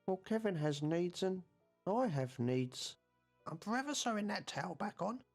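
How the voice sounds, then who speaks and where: A man's voice: high-pitched, expressive, normal speed. Game role: a man playing a prim recluse still ruled by Mother, wistful and formal, over faint music.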